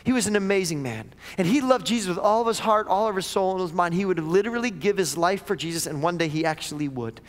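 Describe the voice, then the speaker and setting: A man's voice: sits high, fast talker, hardly any pauses. A male pastor preaching a sermon to his church, emphatic and asking question after question. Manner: emphatic, repeats questions, acts out voices he quotes. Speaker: lead pastor. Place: church sanctuary. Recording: long reverb of a church hall.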